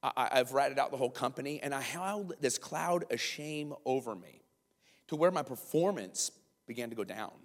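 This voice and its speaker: A man preaching a sermon, telling a long personal story with lively quoted voices and asides to listeners. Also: medium pitch, moderate pace. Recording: long hall reverb.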